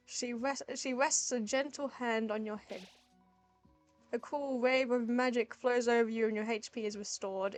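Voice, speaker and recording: A woman streaming a dating game, reading the narration aloud and breaking off into playful, giggly remarks. Her voice is fairly high, and soft music plays under her. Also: steady tone, normal speed. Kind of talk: reading a visual novel aloud with commentary.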